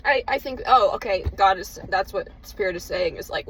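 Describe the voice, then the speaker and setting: Emotional rambling woman vlogger, bright voice. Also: fairly high pitch, expressive, fast, hardly any pauses, slight background noise, rough recording. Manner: emotional, rambling, swears freely. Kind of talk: casual confessional vlog.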